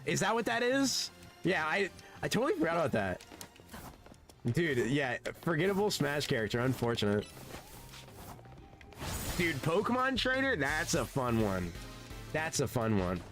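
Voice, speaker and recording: Rambling, lively streamer guy. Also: a little high, normal speed, pauses often, soft background music. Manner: rambling and laid-back, swears, says "dude" often. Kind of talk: casual gaming stream chat.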